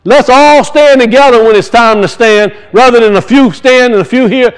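A pastor with a noticeably high voice delivers a sermon in a loose, conversational way. He keeps asking his listeners questions, then drifts into homespun stories. He sounds middle-aged. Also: moderate pace, clear, resonant tone, rough recording. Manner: conversational preaching with rhetorical questions and folksy stories.

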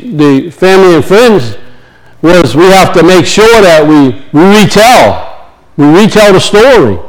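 High-voiced, lively folksy preacher. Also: male voice, rough recording. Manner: folksy storytelling, plain spoken grammar. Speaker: pastor. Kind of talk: sermon.

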